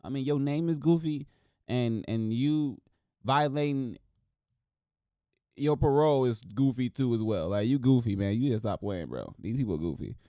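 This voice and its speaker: Excitable slangy man on a solo sports show. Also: medium pitch, moderate pace, dry recording, clean studio sound. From Wisconsin. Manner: loose, excitable, slangy, talks to viewers as y'all. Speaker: host. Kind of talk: casual solo commentary.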